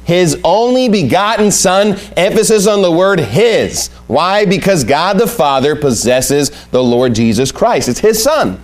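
A man's voice: a little high, big pitch swings, a little slow, few pauses. A man preaching a sermon, emphatic and repeating his key points as he reads scripture aloud. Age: adult with young family.

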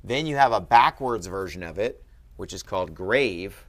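A man with a fairly low voice teaches at a board, calm and patient. He walks through each point step by step and keeps checking that his listener follows. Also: normal speed. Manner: patient, checks in with frequent "okay?". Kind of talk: explaining grammar at a board.

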